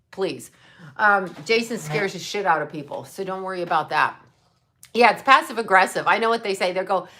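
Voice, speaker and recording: A woman's voice: medium pitch, bright, forceful tone. An older woman hosting a livestream, talking bluntly and profanely as she answers viewers and thanks them for super chats. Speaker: psychic livestream host.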